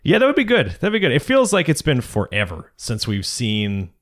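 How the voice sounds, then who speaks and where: A man hosting a parenting podcast in casual chat, talkative and quick to laugh at himself. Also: mid-range voice, huge pitch swings. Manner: chatty, laughs often, self-deprecating. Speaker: podcast host.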